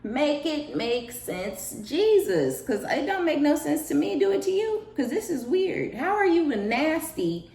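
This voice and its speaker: A woman giving a casual spiritual reading, profane and animated, slipping into high mocking voices with laughter. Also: measured pace, vocal fry, few pauses, echoey room. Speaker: tarot reader.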